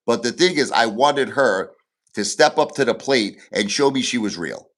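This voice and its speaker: A man's voice: medium pitch, lively intonation, moderate pace, fairly bright tone. Agitated man ranting on a livestream. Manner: agitated, repetitive, venting grievances. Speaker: livestream host. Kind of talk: emotional livestream rant.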